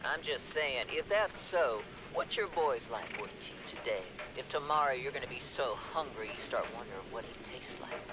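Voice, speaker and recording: A man's voice: mid-range voice, lively intonation, moderate pace, hardly any pauses, background noise, lightly acted. An actor playing a blunt, defiant male crew member who mocks his captain, in a game audio log. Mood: mocking. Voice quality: blunt, mocking.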